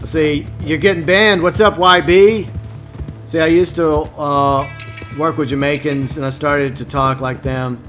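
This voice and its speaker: Bright-voiced man chatting on stream. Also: on the high side, steady tone, measured pace, faint music behind. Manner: rambling, talks to chat with many restarts. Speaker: live streamer playing an online game. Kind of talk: casual gaming stream chat.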